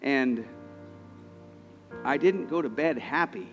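A man's voice: medium pitch, slow, fairly bright tone, long reverb tail, faint music behind. A man in his thirties preaching a sermon, telling personal stories in an earnest way, often restarting his sentences. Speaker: pastor.

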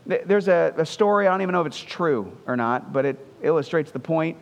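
An earnest male pastor preaches a conversational sermon in a high-pitched, expressive voice at a fairly quick pace. He repeats phrases to drive each point home, and the long reverb of a church hall rings around him.

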